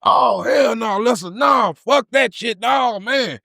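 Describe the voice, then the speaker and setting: A man voicing a panicked young male friend who shouts and curses in shock. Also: very high-pitched, slow, gravelly, no echo, clean studio sound, voice pushed up, exaggerated voice. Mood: panicked shouting. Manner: shouting, frantic, cursing.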